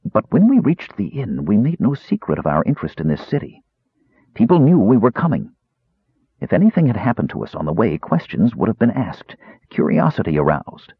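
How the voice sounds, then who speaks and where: A man's voice: on the low side, very animated, fairly quick, slightly rough, no echo, heavily acted. A man voicing a frail, sickly young male mage who snaps and struggles for breath. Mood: reasoning. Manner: snapping, short of breath. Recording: tinny lo-fi narrow band.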